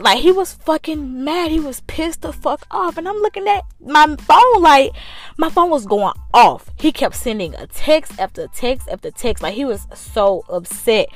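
A young woman telling a personal story in a casual, animated way, talking straight to her viewers and swearing freely. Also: high voice, unhurried, dry recording, faint music behind.

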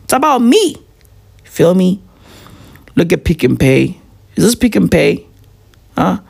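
A man in his thirties riffs through a profane comic monologue, taking his time and stretching his words out. His voice is gravelly and climbs and falls widely, and he keeps tossing in "right?" and "bruv". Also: high voice, expressive, takes it slowly, darkish tone. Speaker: comedian vlogger.

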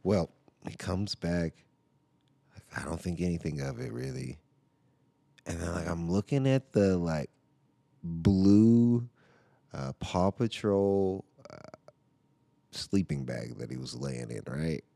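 A man's voice: sits low, animated, slow, creaky, long pauses, mellow, dry recording. A father podcasting from home, telling a story in a casual, rambling way, full of "like" and "right?" asides.

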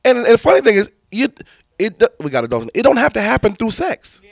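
A man's voice: high-pitched, wildly swooping pitch, fast, gravelly, dry recording. A man, a pastor, teaching church leaders in a preaching style, emphatic and repetitive with many restarts.

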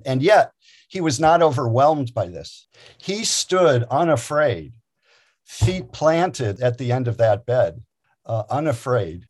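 A man speaking at an ordinary, middle pitch tells a long personal story as a guest. His delivery is earnest and thoughtful, measured in its pacing. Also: lively intonation, darkish tone. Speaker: chaplain and physician guest. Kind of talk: reflective storytelling.

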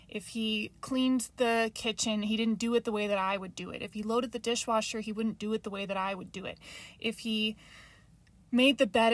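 A woman hosting her own podcast, speaking earnestly and confessionally. Her voice sits a little high. She pauses with frequent ums as she works through her thoughts. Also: a bit bright, no echo. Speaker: podcast host. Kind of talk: reflective solo podcast talk.

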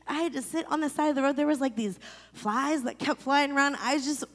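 A young woman preaches with animated storytelling, her fairly high voice carrying a long reverb through the hall. She swings between quiet asides and acted-out outbursts. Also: fairly quick. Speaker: pastor. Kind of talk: sermon.

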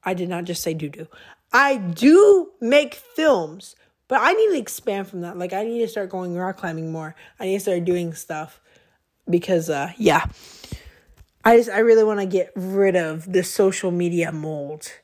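A woman's voice: lowish voice, moderate pace, a little mellow. A young woman hosting her own podcast, talking casually and rambling with lots of fillers and self-corrections. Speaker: podcast host. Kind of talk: casual solo podcast monologue.

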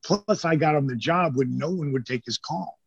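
A middle-aged man, a former pro wrestler, telling stories as an interview guest in a lively, casual way and swearing freely. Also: on the high side, moderate pace, creaky, slightly rough, dry recording. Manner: animated storyteller who acts out quotes, swears freely. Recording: dull lo-fi dry sound.

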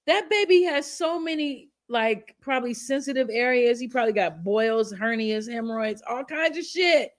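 A woman's voice: fairly high pitch, expressive, moderate pace, hardly any pauses. A woman giving reaction commentary in an outraged, profane, emphatic way.

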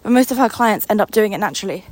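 A woman's voice: mid-range voice, lively intonation, racing, dry recording. A young woman business coach giving an unscripted motivational talk, enthusiastic, a little out of breath, repeating words for emphasis. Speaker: business coach and company founder.

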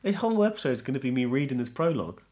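Man, podcast co-host, mid-pitched voice, dry jokes, reads aloud, shared table mic. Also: sing-song, racing, warm tone, faint music behind. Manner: dry, joking asides. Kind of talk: casual game chat and storybook reading. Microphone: one shared table microphone.

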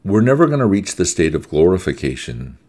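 A man's voice: deep voice, very animated, brisk, darkish tone. A middle-aged American man preaching a sermon, conversational and emphatic, repeating key words for stress.

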